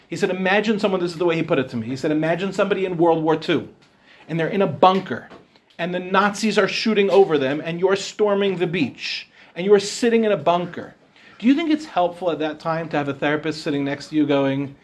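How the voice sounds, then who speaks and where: A man's voice: fairly high pitch, quick pace. A middle-aged man giving an informal Torah lecture as a rabbi, speaking conversationally and often asking his listeners questions. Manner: conversational, asks the audience questions.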